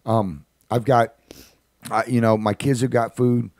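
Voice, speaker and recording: A man's voice: mid-range voice, flat delivery, unhurried, darkish tone, dry recording, clean studio sound, voice pushed up, natural voice. A man voicing a struggling mother who pleads anxiously and hurries to defend herself.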